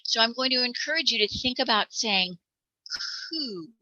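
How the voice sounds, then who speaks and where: A woman's voice: on the high side, a little fast, bright, forceful tone, no room sound, lo-fi sound. An American woman teaching parents letter sounds, patiently demonstrating each one aloud. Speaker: reading teacher.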